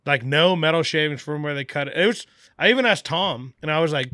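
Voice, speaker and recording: A man's voice: a little high, brisk, dry recording, clean studio sound. A man telling a long story in casual podcast talk, acting out the voices of people he quotes and swearing casually. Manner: animated, acts out quoted dialogue, swears casually. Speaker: podcast guest, brewery owner.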